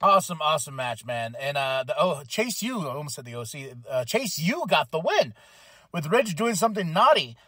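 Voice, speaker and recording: A man hosting a podcast, recapping a wrestling show in a casual, chatty way and acting out lines in quick voices. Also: on the high side, sing-song, a bit bright, slightly rough, dry recording, clean studio sound. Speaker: podcast host.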